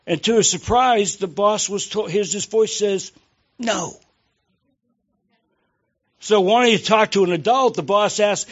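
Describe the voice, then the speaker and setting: Pastor, male, high voice, loose and jokey, talks straight to the pews. Lo-fi recording. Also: unhurried, long pauses, breathy edge. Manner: jokey, conversational, asks the congregation questions. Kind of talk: sermon.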